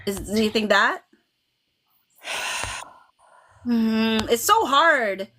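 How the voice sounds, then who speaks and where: A woman hosting a casual fan livestream, talking in an animated way with frequent laughs and restarts. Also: a little high, extremely slow, a little hiss or hum. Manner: animated, laughs often, many restarts and okays. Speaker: livestream host.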